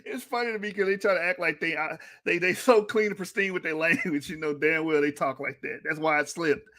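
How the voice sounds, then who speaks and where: A man's voice: fairly high pitch, steady tone, fairly quick, few pauses, pushed and bright. A man hosting a reaction stream, teasing and sarcastic, breaking into laughter and mocking sing-song as he comments on clips. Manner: teasing, sarcastic, laughs often, sings jeering lines.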